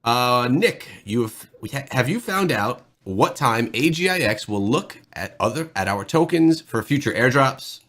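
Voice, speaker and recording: Lively-toned male co-host. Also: medium pitch, a little slow, few pauses. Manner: reads out viewer questions, easygoing. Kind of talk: casual co-host chat.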